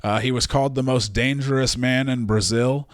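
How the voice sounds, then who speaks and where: A man's voice: mid-range voice, moderate pace, no echo. Casual man telling a story, dry mic. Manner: profane, animated storyteller with many fillers. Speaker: podcast host.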